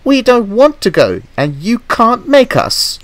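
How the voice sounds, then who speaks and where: A man's voice: very high voice, huge pitch swings, measured pace, dry recording, voice pushed up, heavily acted. A man voicing a pair of haughty, fussy old female railway coaches who whine and shriek their complaints. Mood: whiny. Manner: prim, whiny, shrieking complaints.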